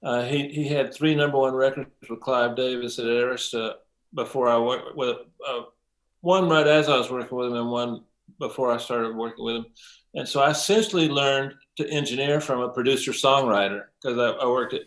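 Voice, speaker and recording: An older man, a mix engineer as interview guest, telling stories in a lively way, acting out quotes, with many ums and some swearing. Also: mid-range voice, normal speed. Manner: animated storyteller, acts out quotes, frequent ums and profanity. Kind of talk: casual interview storytelling.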